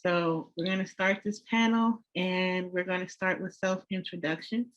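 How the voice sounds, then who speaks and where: A panel moderator with a mid-range voice introduces the guests and asks them questions. The tone is measured and friendly, and the audio sounds dull and lo-fi. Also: mid-range voice, level tone, fairly bright tone.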